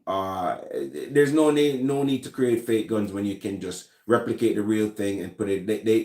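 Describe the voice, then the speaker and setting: A man from Jamaica with a Jamaican accent, hosting a casual chat and answering viewer comments in a relaxed, rambling way with many fillers and restarts. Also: on the low side, reverberant. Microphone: recorded in a room with his gun collection.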